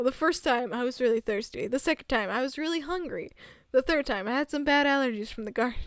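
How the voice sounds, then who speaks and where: A young woman with a high, bright-pitched voice reads a visual novel aloud to her stream. Between passages she breaks into giggly, fond, chatty asides. The sound is close and dry, with no room around it. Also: lively intonation, quick pace, few pauses, no echo. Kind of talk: reading a visual novel aloud with live commentary.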